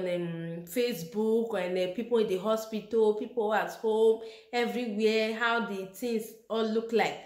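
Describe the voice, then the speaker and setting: A young woman, telling a personal story in a casual vlog and laughing often as she talks. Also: mid-range voice. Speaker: vlogger. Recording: echoey room.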